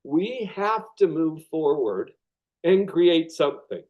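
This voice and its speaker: A man with a fairly high voice delivers a motivational lecture. He is expressive and dramatizes his points, leaning on deliberate pauses before key words. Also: dull audio. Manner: expressive, dramatizes with acted inner thoughts. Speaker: presenter of a web class.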